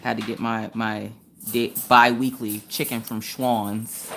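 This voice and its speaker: A woman's voice: extremely low pitch, little pitch movement, slow, gravelly, fairly bright tone, slight background noise. A woman in her thirties from Pennsylvania, hosting a casual crafting livestream from home, chatty and laughing often as she tells family stories. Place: home, indoors.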